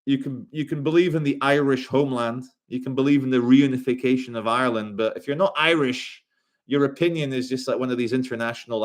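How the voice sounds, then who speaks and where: A man on a casual livestream reading chat aloud, rambling and swearing with quick asides. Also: medium pitch.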